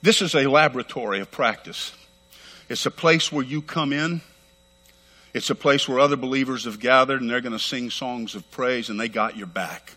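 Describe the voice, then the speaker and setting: A middle-aged man preaching a sermon as pastor, fervent and emphatic, talking rapidly and repeating phrases for weight. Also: mid-range voice, bright, forceful tone. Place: church sanctuary. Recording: long hall reverb.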